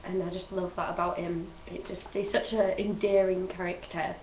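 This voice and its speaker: A woman's voice: lowish voice, level tone, moderate pace. Young woman, chatty, gushing, laughs a lot, dull lo-fi sound, faint hiss. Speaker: vlogger. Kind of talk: casual chat. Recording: roomy, distant, dull home recording.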